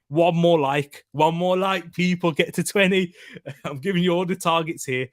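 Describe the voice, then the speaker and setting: Chatty man with a higher voice. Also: moderate pace, no echo, clean studio sound. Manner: chatty, laughing often, tripping over repeated words. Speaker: football preview show co-host. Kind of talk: casual live-stream chat with viewers.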